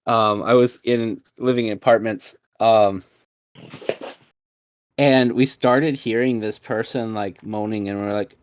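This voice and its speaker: A man co-hosting a casual chat, cracking wry deadpan jokes and sarcastic asides. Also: lowish voice, unhurried, clear, resonant tone, dry recording. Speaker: podcast co-host.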